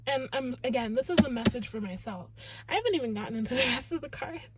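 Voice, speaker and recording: A woman's voice: high voice, lively intonation, brisk, a little hiss or hum. A young woman giving an earnest, emphatic tarot reading in a casual way, full of "like" and "literally". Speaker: tarot reader.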